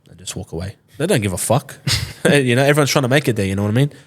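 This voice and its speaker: Racing along in a mid-range voice with lively intonation, this podcast guest, a man in his twenties from Sydney, tells a story casually. He swears often and acts out others' words.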